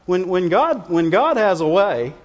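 A man's voice: high voice, very animated, unhurried. A man preaching a conversational sermon to his congregation, often checking in with "Amen?" and "Right?". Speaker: pastor. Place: church sanctuary. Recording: dull reverberant church recording.

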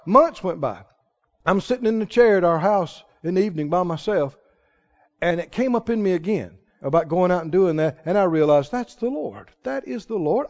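A man preaching a sermon, telling stories in an animated way and chuckling often. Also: very high-pitched. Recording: reverberant hall, muffled sound.

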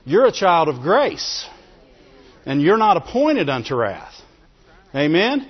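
A man's voice: a little high, sing-song, slow pace, husky. A man preaching a sermon in a conversational way, often laughing and calling for amens. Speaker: pastor. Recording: dull lo-fi recording in a reverberant hall.

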